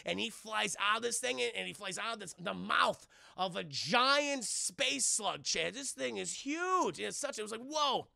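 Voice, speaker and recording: A male streamer gives a casual, profane film breakdown, talking straight to his chat. His voice sits high and is heavily gravelly, with a bright, forward tone. The sound is dry and close. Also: normal speed, hardly any pauses, dry recording. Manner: animated, profane, addresses chat.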